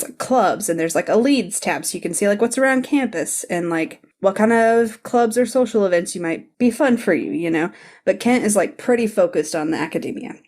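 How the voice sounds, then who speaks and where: Bubbly woman recapping with laughs. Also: mid-range voice. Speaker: podcast host. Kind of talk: casual chat.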